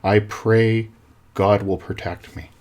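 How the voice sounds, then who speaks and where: A man's voice: on the low side, fairly even intonation, slow, darkish tone. A man voicing a stubborn, devout man who insists he will be protected. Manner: stubborn, self-assured.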